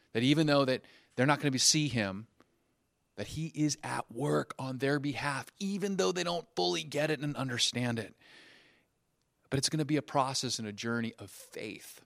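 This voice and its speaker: A male pastor preaching a sermon in a church, telling stories with lively acted-out dialogue. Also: mid-range voice, dry recording, clean studio sound. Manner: animated storyteller who acts out dialogue.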